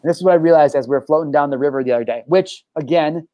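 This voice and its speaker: A young adult man hosting a podcast, telling stories in an excitable, profane, casual way, full of bro and dude. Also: a little high, very fast, no room sound, dull audio. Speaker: podcast host. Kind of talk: casual chat.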